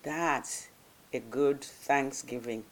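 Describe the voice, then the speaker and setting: Slow, thoughtful motivational speaker. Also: mid-range voice. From grew up in a village in another culture. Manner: thoughtful, speaks in short phrases with frequent pauses and restarts. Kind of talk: reflective motivational monologue.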